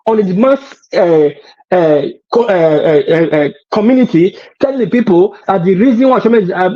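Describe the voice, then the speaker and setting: A man's voice: high voice, darkish tone, slightly rough. A man hosting a heated political debate. He argues hard, cuts in often and stumbles over filler sounds. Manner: argumentative, interrupts, hesitant fillers. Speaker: show host. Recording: lo-fi dull audio.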